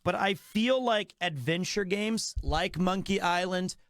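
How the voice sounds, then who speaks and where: A man's voice: high voice, unhurried, a bit bright, no echo, clean studio sound. A man chatting casually on a live stream, enthusiastic and rambling, often restarting his sentences.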